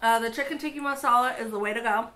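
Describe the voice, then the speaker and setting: A woman with a bright, forward voice raves about food in casual talk. She is playful and enthusiastic and drops slang as she eats. A faint hiss of noise sits behind her. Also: on the high side, fast. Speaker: co-host of a couple's channel. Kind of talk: casual mukbang chat.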